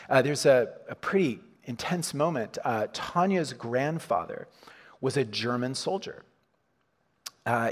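A man's voice: mid-range voice, long reverb tail. A man preaching a sermon in a church, chatty and informal, with frequent restarts and chuckles. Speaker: pastor. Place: church hall.

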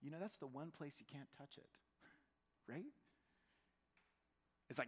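Animated preacher in a reverberant hall. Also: male voice, fairly high pitch, slow pace, pauses often. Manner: conversational, animated, acts out quotes. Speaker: pastor. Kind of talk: sermon. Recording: long church hall reverb.

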